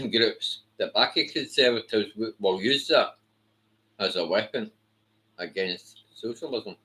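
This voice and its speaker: Male, deep and unhurried, sharp-edged, sweary scornful ranter. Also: poor audio. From Britain. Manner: blunt, heavily profane, scornful. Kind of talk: ranting monologue.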